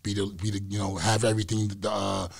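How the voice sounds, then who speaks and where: Low-voiced New York man, reflective. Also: little pitch movement, fast talker, creaky, crowd noise. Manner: reflective, loose, repeats phrases. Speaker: interview guest, former boxer. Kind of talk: casual interview talk.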